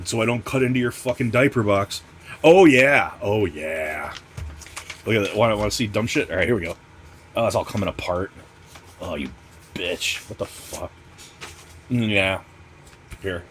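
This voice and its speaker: Sweary, ranting low-voiced man. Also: lively intonation, normal speed, pauses often, a little hiss or hum. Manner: profane, ranting, sarcastic. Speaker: comic channel host. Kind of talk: casual unboxing vlog.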